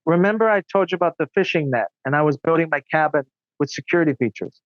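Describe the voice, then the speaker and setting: A man with a fairly high voice recounts his story as a podcast guest in a casual interview, earnest and indignant, with quick asides. The audio has no echo but sounds dull.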